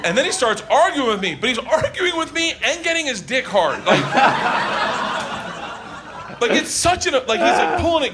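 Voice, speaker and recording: Brief: male stand-up comic, high and animated, shouting punchlines, live recording with roaring audience laughter. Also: normal speed, long pauses, heavy background noise. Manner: loud, excitable, laughing through the telling, shouting punchlines. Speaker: stand-up comedian. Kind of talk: stand-up storytelling. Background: loud crowd laughter.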